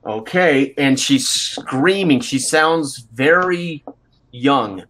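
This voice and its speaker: A man's voice: mid-range voice, animated, a bit bright. A man running a tabletop role-play game as game master, narrating scenes with many fillers and restarts. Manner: halting, full of fillers and restarts.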